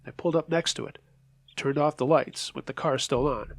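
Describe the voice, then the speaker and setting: A man narrating true scary stories as the host of a horror story show, reading in a measured, steady voice. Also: medium pitch, creaky.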